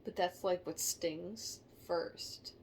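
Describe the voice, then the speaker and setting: Low, gravelly woman reading tarot. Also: a little mellow, a little hiss or hum. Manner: halting, emotional, sighing and musing aloud. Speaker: tarot reader. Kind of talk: casual tarot reading to camera.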